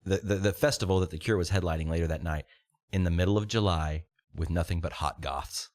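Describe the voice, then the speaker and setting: A man's voice: sits low, a little fast, darkish tone, no room sound, clean studio sound. A man in his thirties hosting a podcast in casual chat, rambling and swearing with lots of restarts. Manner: rambling and profane, with frequent restarts. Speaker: podcast host.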